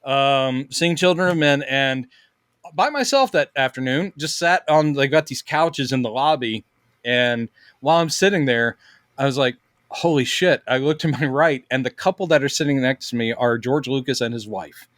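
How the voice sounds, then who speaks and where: A man's voice: medium pitch, normal speed, fairly bright tone, dry recording, clean studio sound. A middle-aged man co-hosting a casual podcast, telling stories animatedly and acting out quotes in different voices. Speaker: podcast co-host. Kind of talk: casual chat.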